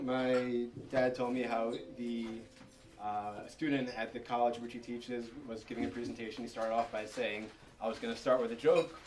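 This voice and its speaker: A man's voice: medium pitch, far from the mic. Rambling amateur stand-up man. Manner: rambling, self-deprecating, many fillers. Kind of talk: stand-up storytelling. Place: restaurant event space with live audience. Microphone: handheld mic.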